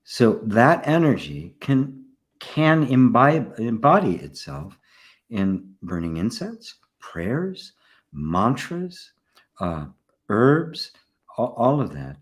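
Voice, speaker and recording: An older man, a spiritual teacher, giving a relaxed satsang talk, often checking in with "right?" and soft laughs. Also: mid-range voice, slow. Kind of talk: satsang talk, answering questions.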